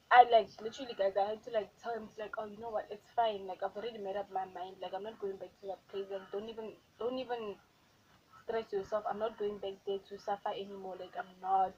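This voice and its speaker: A woman's voice: mid-range voice, fairly even intonation, a little fast, darkish tone, highs cut off, slight background noise. A young South African woman with a South African accent, telling a storytime vlog in a chatty, repetitive, exasperated way. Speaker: vlogger.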